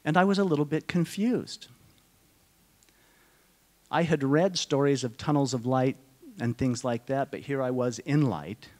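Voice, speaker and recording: Middle-aged guy on stage telling his story, halting and emotional, goes quiet and slow a lot. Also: mid-range voice. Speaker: conference speaker. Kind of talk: personal testimony talk to an audience. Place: conference hall.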